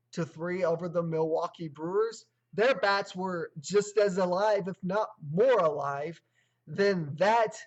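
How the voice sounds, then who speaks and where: A man hosting his own sports show, reading game statistics in clipped lists and then giving emphatic opinions. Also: high-pitched. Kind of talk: solo sports commentary livestream.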